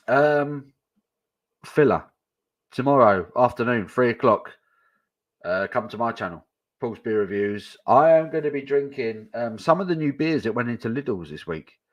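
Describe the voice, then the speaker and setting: A man casually hosting a pub-style live stream, chatting easily and reading out viewer comments. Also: mid-range voice. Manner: easygoing, chatty, banters with viewers. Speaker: stand-in live stream host.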